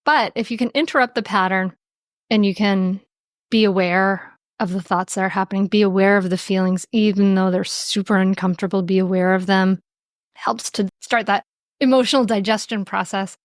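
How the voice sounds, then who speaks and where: A woman speaking as a podcast guest on parenting and mindfulness, gentle and reflective, often laughing lightly as she explains. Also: mid-range voice, steady tone, moderate pace, dry recording, clean studio sound. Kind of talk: podcast interview.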